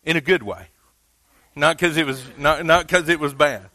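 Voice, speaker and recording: A man's voice: a little high, lively intonation, normal speed, sharp tone, no room sound. A man preaching a sermon as pastor in a loose, conversational way, building to emphatic rises on key points. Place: church.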